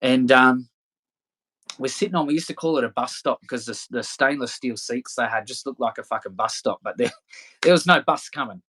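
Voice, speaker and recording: A man's voice: mid-range voice, fairly quick, sharp tone, husky. Blunt, profane Australian man. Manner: blunt, heavy swearing, filler-laden. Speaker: podcast guest. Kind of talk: casual storytelling.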